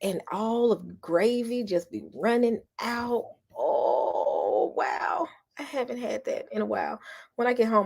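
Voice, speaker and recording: A woman's voice: on the high side, a little slow, vocal fry, breathy edge. A middle-aged woman, chatting casually with her live viewers. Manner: chatty, animated, addresses viewers as y'all. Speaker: vlogger talking to live viewers. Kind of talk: casual live-stream chat.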